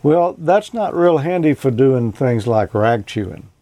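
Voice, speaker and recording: A man hosting a show and casually explaining a technical topic, relaxed and folksy, with lots of "you know.". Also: mid-range voice, measured pace, no echo. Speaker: host.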